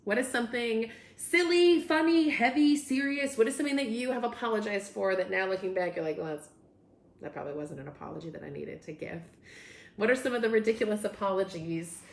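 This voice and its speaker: A woman's voice: mid-range voice, creaky, roomy sound, slight background noise. A young woman hosting a casual live stream, reading viewer comments aloud and reacting with upbeat energy. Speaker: host.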